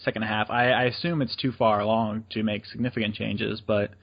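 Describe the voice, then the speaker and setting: A man co-hosting a casual video game podcast, making measured, wry remarks. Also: on the low side, flat delivery, vocal fry, muffled recording. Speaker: podcast co-host. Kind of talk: casual chat about video games.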